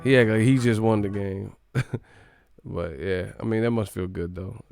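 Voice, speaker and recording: Male streamer, animated and slangy; gravelly, dry sound. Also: fairly low pitch, moderate pace, dry recording, soft background music. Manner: animated, slangy, laughs often. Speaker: live streamer. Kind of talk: casual live-stream chat.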